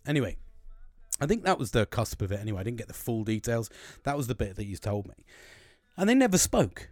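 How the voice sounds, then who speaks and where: British man, forties, rambling storyteller with a very lively pitch that swings high and low, constant swearing, dry close recording. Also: a little fast, long pauses, no echo. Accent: British English. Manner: rambling, heavy swearing, laughing asides. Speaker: podcast host. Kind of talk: casual storytelling.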